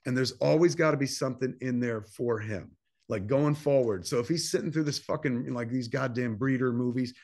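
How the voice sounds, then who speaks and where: A man in his fifties from New Jersey, a filmmaker telling a long personal story in a casual interview. He swears freely and acts out quoted dialogue in animated bursts. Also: mid-range voice, brisk. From New Jersey, USA. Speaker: filmmaker guest.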